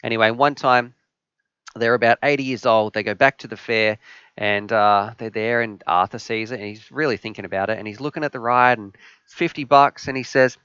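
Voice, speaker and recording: A man's voice: mid-range voice, steady tone, fairly quick, pushed and bright, smooth, no room sound. A man hosting a live stream, telling a joke and chatting with viewers in a rambling, jokey way. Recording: slightly dull, dry sound.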